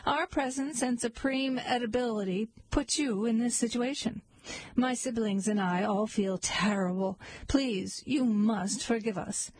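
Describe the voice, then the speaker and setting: A woman's voice: fairly high pitch, a little slow, darkish tone, breathy edge, dry recording, low-quality recording. Woman playing a stubborn giant billy goat. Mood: insistent. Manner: insistent, combative. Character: huge male goat, stubborn and insistent.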